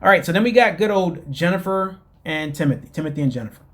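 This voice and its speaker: A man rambles through a reality-show recap in a loose, mocking way, packing his talk with fillers. His voice sits fairly high for a man. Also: expressive, fast, fairly bright tone. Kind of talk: casual recap commentary.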